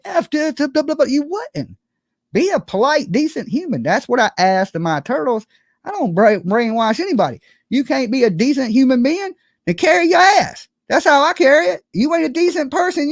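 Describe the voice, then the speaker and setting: A man's voice: very high-pitched, dry recording, clean studio sound. A man hosting a late-night livestream, ranting to his viewers in a heated, profane and emphatic way. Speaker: YouTube livestream host.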